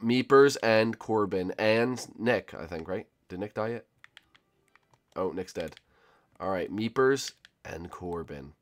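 A man hosting a gaming channel, giving excitable gameplay commentary and often repeating his words. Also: fairly low pitch, takes it slowly. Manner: excitable, repeats himself a lot.

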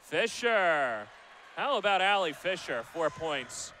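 A man calling college basketball play-by-play, brisk and rising to shouts on big plays. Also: a little high, big pitch swings, a little hiss or hum. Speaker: play-by-play announcer.

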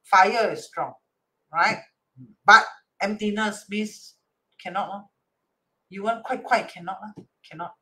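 Singaporean teacher with a bright voice. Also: mid-range voice, slow, pauses often. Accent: Singaporean English. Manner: acts out quoted dialogue, constantly checks with "right?"; mixes in Chinese and Hokkien words. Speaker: Chinese metaphysics teacher. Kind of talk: explaining a divination chart reading.

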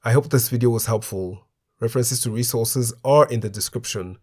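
A man narrating a scripted language lesson in a slow, even, deliberate way, spelling out foreign words with care. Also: mid-range voice. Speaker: language teacher.

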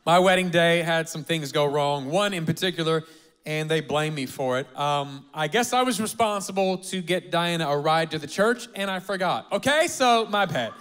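High-voiced, energetic male pastor. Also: normal speed, clear, resonant tone. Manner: energetic, humorous, rallies the congregation. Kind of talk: sermon. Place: church auditorium.

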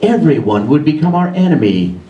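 A man voicing a menacing, hungry male lion king who speaks slowly and gloats with chuckles. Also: on the high side, big pitch swings, dark tone, highs cut off, a little hiss or hum. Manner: slow, drawn-out, gloating with chuckles. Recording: roomy echo, distant mic, faint ambience.

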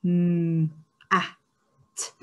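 A woman teacher leading an online phonics lesson for young children, sounding out letters slowly and praising with excitement. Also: on the low side. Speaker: early years teacher.

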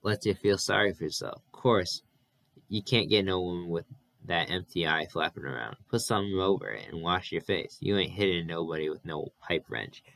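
A man putting on a blunt young drifter in a storybook, impatient and scolding. The low voice has a bright, pushing force. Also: normal speed, gravelly.

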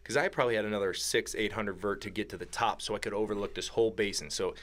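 A man's voice: fairly low pitch, quick pace. Laid-back man telling a hunting story. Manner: animated, laughing, acts out quoted lines. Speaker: podcast guest. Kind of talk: casual storytelling.

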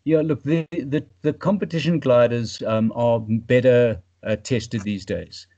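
Gravelly man on a dull line. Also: medium pitch, unhurried, warm tone. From South Africa. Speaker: paragliding pilot, guest. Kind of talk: casual podcast chat.

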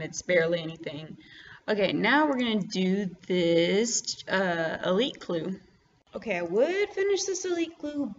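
A woman giving casual commentary over her own gameplay, chatty and full of fillers and restarts. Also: medium pitch. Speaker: gaming vlogger. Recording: slightly dull audio with faint noise.

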